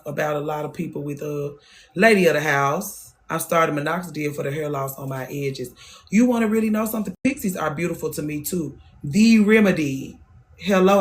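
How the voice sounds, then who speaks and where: Woman in her thirties, hairstylist hosting her own show; blunt, profane, repeats herself for emphasis. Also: deep voice. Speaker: hairstylist and podcast host. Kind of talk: casual monologue.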